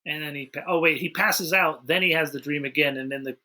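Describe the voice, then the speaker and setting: Dude walking through a movie plot on a podcast, bright tone, bit high. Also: male voice, brisk. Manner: plot recap, dry. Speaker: podcast host. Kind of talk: casual chat.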